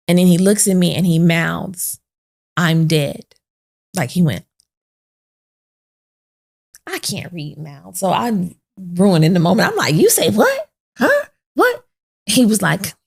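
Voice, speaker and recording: A woman's voice: lowish voice, gravelly, a little mellow, husky. A woman hosting a podcast, telling an emotional personal story and acting out the voices of the people in it. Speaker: podcast host. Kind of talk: sit-down podcast conversation.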